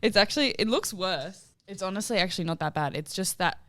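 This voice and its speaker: A woman's voice: mid-range voice, expressive, quick pace, a bit bright. A young woman, co-hosting a podcast and chatting casually, laughing often and saying "like" a lot. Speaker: podcast co-host. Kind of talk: casual chat. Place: podcast studio.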